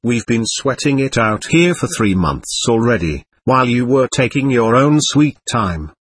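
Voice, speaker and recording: A man's voice: mid-range voice, very animated, a little slow, husky. A man voicing a weary, grumbling frontline soldier. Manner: grumbling, offhand.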